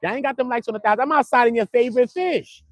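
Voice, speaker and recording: A man's voice: very high voice, fast talker, dry recording. A young man hosting a casual livestream outdoors by a courthouse, joking in slangy banter with his viewers. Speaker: livestream host.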